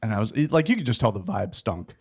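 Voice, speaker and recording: A man's voice: fairly low pitch, fast, slightly rough. A man guesting on a podcast, telling casual stories and acting out the people in them. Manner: animated, acts out quoted people. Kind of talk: casual storytelling chat.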